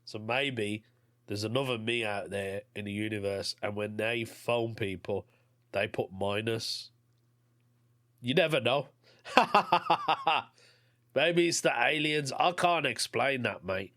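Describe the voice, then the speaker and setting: A man's voice: medium pitch, expressive, takes it slowly, pushed and bright. A man hosting a podcast, reading out a listener's story and chatting about it in an offhand way. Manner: chatty, offhand, says mate. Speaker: podcast host.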